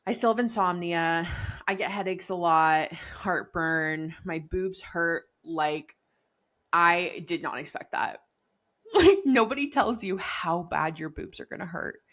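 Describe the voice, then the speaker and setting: A woman's voice: fairly low pitch, measured pace, a bit bright. A young pregnant woman co-hosting a podcast, chatting casually with lots of "like" and frequent laughter. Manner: chatty, laughs often, many likes. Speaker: podcast co-host.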